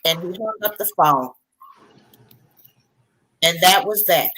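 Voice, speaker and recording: A woman's voice: fairly low pitch, slow, fairly bright tone, husky, low-quality recording. A middle-aged woman recounting a personal story as a panel guest, earnest and conversational. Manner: earnest, conversational, with restarts and colloquial speech.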